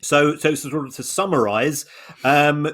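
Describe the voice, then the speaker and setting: A man co-hosting a podcast, explaining points in a measured way with frequent restarts and repeated words. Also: a little high, a bit bright. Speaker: podcast co-host. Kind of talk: conversational analysis.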